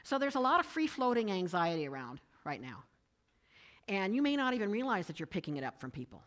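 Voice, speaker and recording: A woman's voice: medium pitch, fast talker. A woman giving a conversational church message, telling personal stories and quoting others. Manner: storytelling, animated, quoting others in changed voices. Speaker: speaker giving a Sunday message. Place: church sanctuary.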